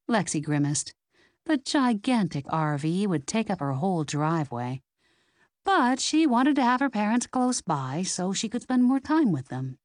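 A woman narrating a novel in an expressive storytelling manner. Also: medium pitch, measured pace, dry recording, clean studio sound. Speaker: audiobook narrator. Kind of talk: scripted narration.

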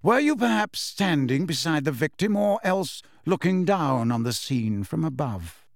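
A calm elderly wizard headmaster, as a man puts him on, speaking slowly and gravely in a slightly raised voice. The sound is dry and close, like a storybook reading. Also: sits high, no room sound, voice pushed up, exaggerated voice. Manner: measured, quiet, grave.

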